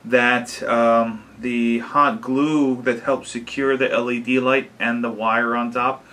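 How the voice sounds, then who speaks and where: A man casually talking to his camera about a home-made prop, unhurried, with lots of fillers and restarts. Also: medium pitch, flat delivery, fairly bright tone. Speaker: DIY maker vlogger. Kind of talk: casual explanatory vlog. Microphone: camera mic.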